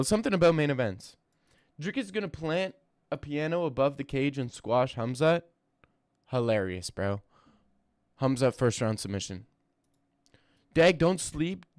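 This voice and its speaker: A man's voice: medium pitch, darkish tone, no echo. Joking young man, dry close sound. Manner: joking, reads chat aloud, quick asides. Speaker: streamer host. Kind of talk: casual livestream Q&A.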